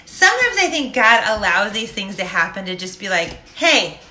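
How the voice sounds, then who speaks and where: A woman's voice: medium pitch, big pitch swings, a little fast, bright, forceful tone. A middle-aged woman telling a personal story to a live audience in a casual, jokey, self-deprecating way. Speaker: host of a live stream. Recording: echoey room.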